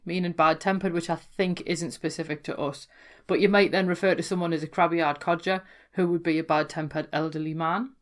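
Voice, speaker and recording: A woman with a Geordie accent, explaining local dialect words in a chatty, amused way that often corrects itself. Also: lowish voice. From North East England. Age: adult, worked in London before. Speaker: folklore blogger explaining dialect. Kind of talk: casual educational talk.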